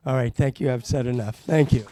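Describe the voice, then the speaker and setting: A man, a state legislator from Pennsylvania, gives an impassioned political speech that builds to loud, emphatic calls. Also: mid-range voice, brisk, slight background noise.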